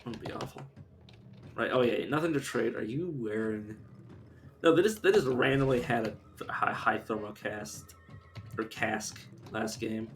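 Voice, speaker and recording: A man narrates his own gameplay in a loose, thinking-aloud murmur. His voice sits in an ordinary middle register. Quiet game music plays faintly beneath him. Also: medium pitch, unhurried. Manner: muttering and thinking aloud while playing. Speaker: game streamer. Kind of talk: casual live gameplay commentary.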